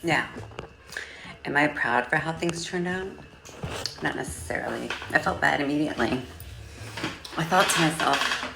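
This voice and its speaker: A woman telling a story in a casual vlog, sassy and profane, with animated delivery. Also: deep voice, moderate pace, gravelly, roomy sound, over music. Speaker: vlogger.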